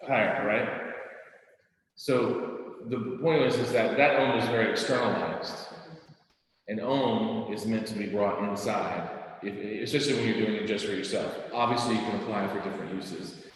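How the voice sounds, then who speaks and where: A man teaching a class, telling stories in a loose, chatty way with lots of fillers and quick "right?" asides. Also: fairly low pitch, a little hiss or hum. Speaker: meditation and scripture teacher. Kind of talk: casual class talk with storytelling. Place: teaching room. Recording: very echoey room.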